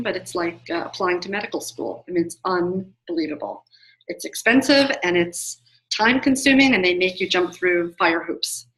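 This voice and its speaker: A woman sharing her check-in on a video call, chatty and expressive. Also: medium pitch, low-quality recording. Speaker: group participant. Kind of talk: casual online group check-in.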